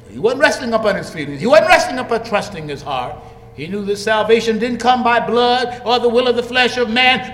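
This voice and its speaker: Animated preacher in a reverberant hall. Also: male voice, normal speed. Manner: swings from low and quiet to high shouts, acts out quoted voices. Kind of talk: animated sermon. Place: church.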